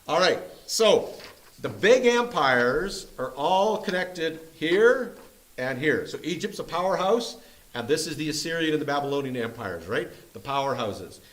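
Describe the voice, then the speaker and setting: A man's voice: fairly high pitch, very animated, measured pace, a bit bright, poor audio. A man leading a Bible study group, teaching from a map in a playful, joking way. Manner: jokey and playful, often laughing. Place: church meeting room.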